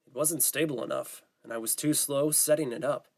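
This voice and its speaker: Male narrator doing a meek, slow teen boy, subdued and plain. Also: mid-range voice, steady tone, gravelly, darkish tone, lightly acted. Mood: resigned.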